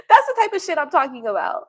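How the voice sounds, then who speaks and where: A woman's voice: high-pitched, very animated, fairly quick, dry recording. Blunt, profane woman telling stories. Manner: blunt, profane storytelling with frequent laughs. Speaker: tarot reader and livestream host. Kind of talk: casual livestream chat.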